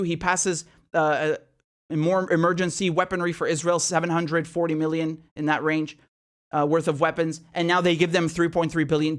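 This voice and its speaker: A man hosting a political commentary show, ranting in outrage with rapid rhetorical questions and frequent swearing. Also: on the high side. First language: not American.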